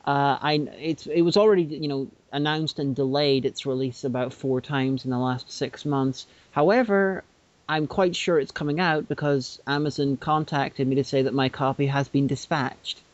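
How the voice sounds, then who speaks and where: A man's voice: medium pitch, steady tone, normal speed. A man from the United Kingdom co-hosting a podcast in casual chat, hesitant and given to restarts and casual swearing. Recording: dull lo-fi podcast audio.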